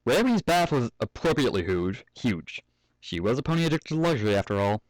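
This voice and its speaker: A man's voice: mid-range voice, big pitch swings, fast talker, no echo, poor audio. A young man reading a fan story aloud at home, often breaking off to joke, swear and laugh. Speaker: fanfic reader. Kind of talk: casual story reading with asides.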